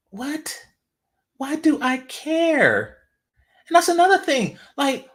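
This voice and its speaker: Speaking in a very high-pitched, somewhat bright voice, a male commentary channel host from the San Francisco Bay Area runs through a loose, profane monologue. He repeatedly mocks and echoes phrases for effect.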